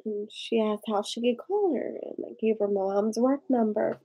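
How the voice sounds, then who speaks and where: A woman talks slowly through a confessional story, her slightly high voice gravelly and husky. She is tipsy and tearful, rambling and halting, with many fillers and curses. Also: dark tone, low-quality recording. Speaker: vlogger.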